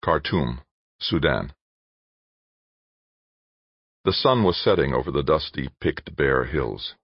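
A man reading scripted narration in a measured, descriptive way. His voice is very low and husky. The recording is dry, close and dull. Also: expressive, dry recording. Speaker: audiobook narrator.

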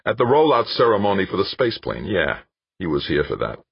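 Narrator doing a pushy, excitable PR man, pitched well above his own husky voice, lively swings, dull lo-fi sound. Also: fairly quick, no echo, exaggerated voice. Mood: persuasive. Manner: wheedling, insistent, excitable. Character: eager crafty male PR director. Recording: dull lo-fi dry recording.

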